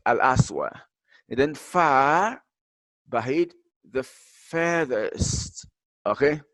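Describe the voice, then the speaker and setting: A man teaching an English grammar lesson, explaining in English mixed with Arabic, halting and repeating himself with many fillers. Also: medium pitch, a bit bright, dry recording.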